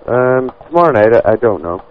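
A man's voice: medium pitch, sing-song, brisk. A man, a pub general manager, politely and hesitantly turning down a caller over the phone. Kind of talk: phone call. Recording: lo-fi phone call audio.

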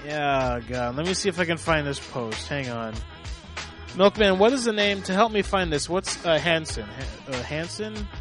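A man's voice: fairly high pitch, expressive, normal speed, music in the background. A man hosting a casual talk show, rambling with many restarts and laughs. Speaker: podcast host. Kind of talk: casual radio chat.

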